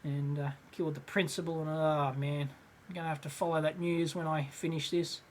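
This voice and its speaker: A man's voice: on the high side, little pitch movement, fairly quick, slight background noise. A middle-aged Australian man hosting a casual live question-and-answer show, rambling with many fillers and frequent chuckles. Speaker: host.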